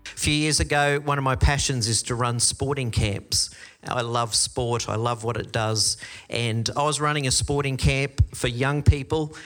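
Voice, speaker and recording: A middle-aged Australian man preaching a sermon, telling stories with lively quoted voices. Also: mid-range voice, moderate pace, soft background music. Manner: storytelling, animated quoted voices. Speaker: pastor.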